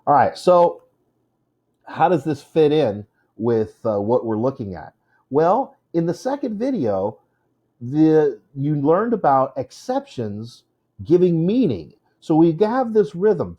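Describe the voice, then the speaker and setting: Slow, mellow-voiced male teacher. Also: mid-range voice, very animated, breathy edge. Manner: chatty, self-correcting, many fillers. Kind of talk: informal classroom lesson.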